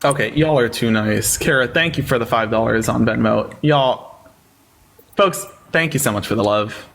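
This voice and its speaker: A man's voice: mid-range voice, moderate pace, vocal fry, fairly bright tone, a little hiss or hum. A man hosting a live-stream debate, sarcastic and taunting with callers, thanking viewers in casual chat. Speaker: livestream debate host.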